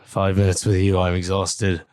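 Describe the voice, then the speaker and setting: A man voicing a gruff, protective old lighthouse keeper who grumbles and teases. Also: deep voice, monotone, moderate pace, darkish tone, no room sound, lightly acted. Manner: dry, grumbling teasing.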